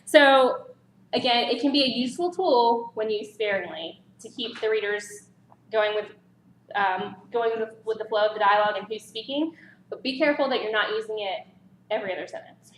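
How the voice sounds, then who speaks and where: A fairly high-voiced woman leads a writing workshop in a library meeting room, talking in a loose, chatty way. She is animated and laughs lightly now and then. The room has an audible echo. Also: fairly quick. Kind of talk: casual workshop talk. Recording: roomy echo, faint background noise.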